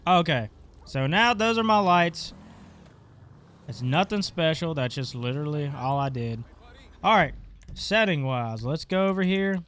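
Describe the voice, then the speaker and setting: A man's voice: on the high side, animated, a little slow, pauses often, a bit bright. A man hosting a casual gaming tutorial, talking offhandedly while clicking through settings, his voice stuffy and congested. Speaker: gaming channel host. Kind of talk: casual screen-recorded tutorial.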